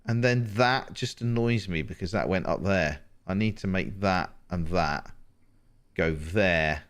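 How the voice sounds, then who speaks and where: A man, chatting to himself and his viewers while playing a game, with animated exclamations. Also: deep voice, measured pace. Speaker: game streamer. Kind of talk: casual gameplay commentary.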